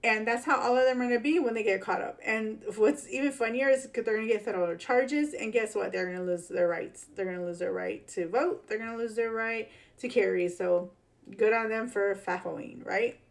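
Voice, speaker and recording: A woman's voice: on the high side, a little fast, creaky. A woman with a Chicago accent talking casually in a vlog, slangy, rambling and fired up. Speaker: vlogger.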